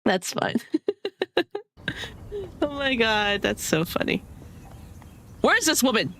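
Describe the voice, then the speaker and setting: A woman's voice: fairly high pitch, sing-song, takes it slowly, a bit bright, a little hiss or hum. Giggly, rambling young woman streamer. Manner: chatty, giggly, rambling with many "sort of" and "like" fillers. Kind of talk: casual gameplay commentary.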